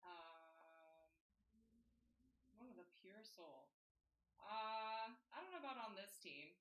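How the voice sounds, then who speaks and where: A woman's voice: on the low side, expressive, slow pace, lo-fi sound. A woman playing a tabletop game in character, hesitant and full of ums, a little distant from the mic. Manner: bright, hesitant, lots of ums. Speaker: player. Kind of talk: in-character tabletop role-play. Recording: roomy, off-mic.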